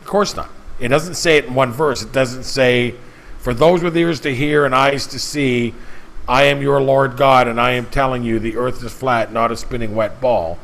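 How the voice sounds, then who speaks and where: A man's voice: medium pitch, steady tone, moderate pace, a bit bright, rough recording. A man preaching emphatically in a casual monologue, often stumbling and repeating words as he presses his point. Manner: emphatic, repetitive, stumbles and restarts. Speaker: channel host.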